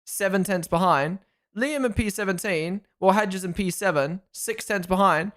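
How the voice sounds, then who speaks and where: A man with a high voice hosts a live race watchalong, speaking at a moderate pace. Excitable and chatty, he reacts to the action, chats casually with viewers, reads out their comments and thanks followers.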